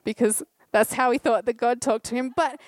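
A woman's voice: fairly high pitch, fairly even intonation, normal speed, no room sound. A woman giving a short sermon, telling a heartfelt story with quoted dialogue.

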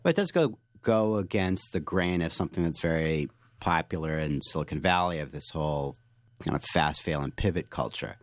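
A man with a very low voice answers interview questions in an animated, storytelling way, often restarting his sentences. The sound is close and dry, with no room around it. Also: moderate pace, dry recording. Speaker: guest author.

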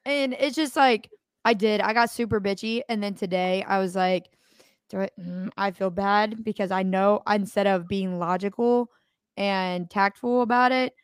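A young woman co-hosting a podcast, animated and swearing often as she acts out quotes. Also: medium pitch, normal speed, smooth, no room sound, clean studio sound. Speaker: podcast co-host. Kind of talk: casual podcast chat.

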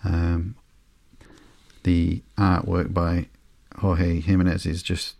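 A man hosting a sleepy podcast, reading through a comic slowly and flatly with frequent ums and uhs. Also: low voice, creaky, no echo, clean studio sound. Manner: slow, flat and unhurried, with frequent ums and uhs. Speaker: podcast host.

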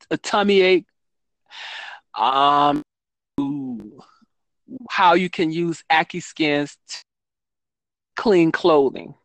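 Speaking in a low voice with no echo, a woman children's book author chats casually as an interview guest. Her talk rambles, with frequent ums and self-corrections.

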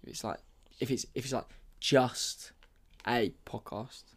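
A young man co-hosting a casual podcast, talking in slang and getting worked up as he pitches ideas. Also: takes it slowly. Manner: excitable, gets worked up, slangy. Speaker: podcast co-host. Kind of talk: casual chat.

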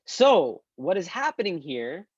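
Man teaching a lively online religious lesson. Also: high voice, a little slow, husky, no room sound, dull audio. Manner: animated, acts out quoted speech. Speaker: Islamic teacher.

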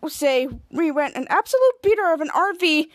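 A woman's voice: high-pitched, lively intonation, moderate pace, no room sound. A woman doing a cocky male superhero leader. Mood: scheming.

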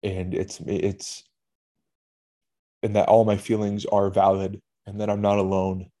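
A man with a low, mellow voice speaks in a steady, even tone. He talks as a podcast host in a personal monologue, halting and candid, with casual swearing. He sounds emotional throughout.

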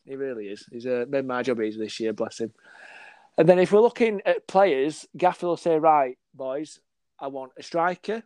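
A man's voice: medium pitch, normal speed, dry recording. A man, a football scout chatting on a podcast, acting out dialogue and laughing as he tells stories. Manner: animated storyteller, acts out dialogue, laughs often. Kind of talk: casual podcast chat.

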